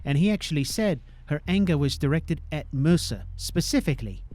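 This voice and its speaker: A man's voice: on the high side, animated, fairly quick, darkish tone. A young man giving casual gameplay commentary, swearing freely and tagging his sentences with "eh?". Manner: profane, ends sentences with "eh?". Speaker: gamer.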